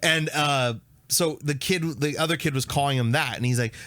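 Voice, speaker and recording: A man's voice: on the high side, normal speed, a bit bright, dry recording. A man co-hosting a podcast, chatting casually with lots of filler words. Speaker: podcast co-host. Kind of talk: casual chat.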